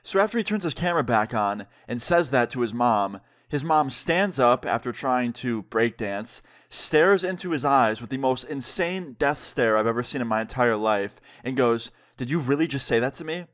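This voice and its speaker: A young man telling a story in a casual, animated storytime vlog. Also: mid-range voice, normal speed, hardly any pauses. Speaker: vlogger.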